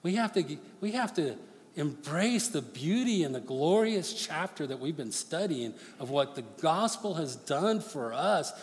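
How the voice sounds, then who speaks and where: A man preaching a sermon as pastor, swinging from forceful near-shouted appeals to hushed, quick storytelling. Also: a little high, expressive. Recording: long reverb of a large hall.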